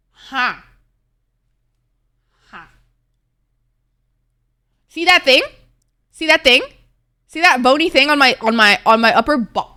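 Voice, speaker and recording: A young woman streamer telling rambling stories in casual chat while gaming. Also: high-pitched. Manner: rambling, animated storytelling.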